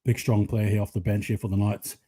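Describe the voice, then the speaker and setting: With a lowish, husky voice and a fairly quick delivery, a man offers live commentary on a rugby league game. He's streaming to viewers on his own channel, keeping the play-by-play chatty, excitable and casual.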